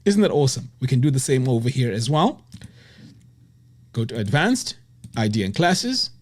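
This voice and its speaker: A man's voice: sing-song, normal speed. A man teaching web design in a screen-recorded tutorial, walking through steps with enthusiastic exclamations. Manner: enthusiastic, exclaims "boom" and "look at that".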